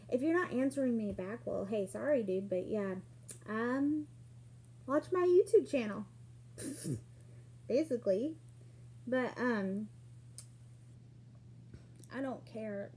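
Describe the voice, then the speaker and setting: A woman telling a personal story in a casual vlog, acting out what people said with sudden jumps in pitch and loudness. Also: breathy edge. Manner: animated, acts out quoted lines with sudden jumps in pitch and loudness.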